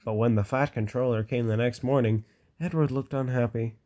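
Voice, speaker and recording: A man reads a children's storybook aloud in a plain, steady way, now and then dropping a casual aside. His voice sits at an ordinary middle pitch. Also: normal speed, muffled recording. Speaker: reader. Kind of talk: reading a children's book aloud.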